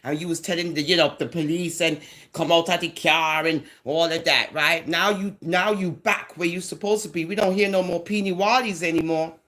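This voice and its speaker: A woman's voice: fairly low pitch, fairly even intonation, normal speed, fairly bright tone. A woman with a Jamaican accent giving a sarcastic, mocking commentary rant on her vlog. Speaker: social media commentator.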